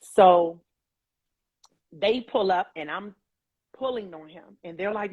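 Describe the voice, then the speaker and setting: A woman, a mother of older children, recounting a painful family memory in an emotional, vivid way, acting out the dialogue with halting restarts. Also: medium pitch, darkish tone, slightly rough. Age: adult, mother of older kids. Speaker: guest telling her story. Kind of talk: emotional personal storytelling. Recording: dull, slightly muffled dry sound.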